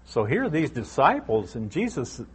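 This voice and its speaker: A middle-aged man teaches verse by verse through a Bible passage in a relaxed, conversational way. He repeats his key points to drive them home, and his voice sits at an ordinary middle pitch. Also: normal speed, slightly rough.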